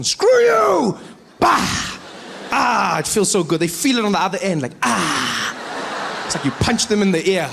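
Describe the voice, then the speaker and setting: A man doing stand-up comedy on a stage, animated and acting out voices and sounds. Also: sits high, slight background noise. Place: comedy stage before audience.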